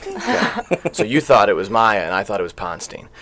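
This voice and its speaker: A man's voice: fairly low pitch, wildly swooping pitch, a little fast, a bit bright, no room sound. A man in his late thirties hosting a casual sports interview in a podcast studio. He rambles a little and fills his sentences with filler sounds. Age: late 30s. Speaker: podcast host.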